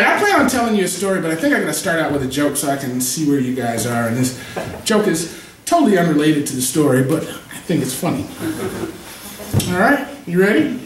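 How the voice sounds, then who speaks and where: A man in his forties works an open mic crowd with a joke and a story, acting out each voice in turn. His delivery swings widely in pitch. The sound is echoey and distant, with faint noise behind. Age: 40s. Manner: animated, jokey, acts out quoted voices. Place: cafe stage at an open mic.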